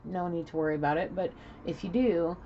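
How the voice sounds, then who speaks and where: A woman with a notably low voice gives a loose, chatty spiritual reading to camera from home. She rambles and laughs freely throughout. The recording is a bit muffled, with faint background hiss. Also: steady tone, brisk. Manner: giggly, rambling, laughs often. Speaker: tarot reader. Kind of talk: casual spiritual reading vlog.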